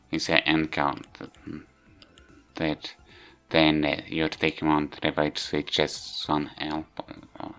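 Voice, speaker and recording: A man with a very low voice talks through a game review at an unhurried pace. He stumbles often, breaking off words and restarting them. Faint music plays underneath. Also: fairly bright tone. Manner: halting, frequent restarts and self-corrections. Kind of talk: casual video game review voice-over. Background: faint background music.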